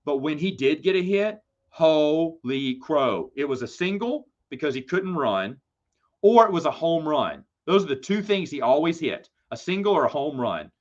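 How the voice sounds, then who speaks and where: A man's voice: on the high side, very animated, normal speed. A man hosting a live Q&A stream, telling a long, rambling anecdote with self-deprecating humor. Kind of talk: casual storytelling on a livestream. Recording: slightly dull lo-fi stream audio.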